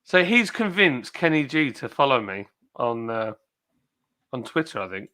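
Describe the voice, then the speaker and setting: A man hosts a relaxed live stream, reading out viewer comments and wandering off on tangents as he goes. His voice is bright and forward. He sits at a middle pitch for a man. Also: a little slow. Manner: chatty, rambling, reads comments aloud. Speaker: livestream host reading viewer chat. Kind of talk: casual chat.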